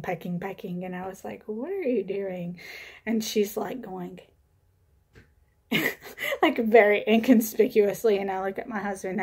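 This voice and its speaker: A woman's voice: mid-range voice, a little mellow. Chatty young woman vlogging. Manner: chatty, many fillers and laughs, rambling. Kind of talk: casual storytelling to camera.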